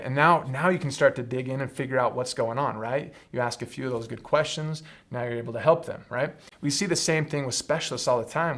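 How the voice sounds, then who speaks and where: Earnest man teaching with "right?" tags. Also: medium pitch. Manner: earnest teaching tone, frequent "right?" tag questions. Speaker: host of a leadership training talk. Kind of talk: live-streamed training talk.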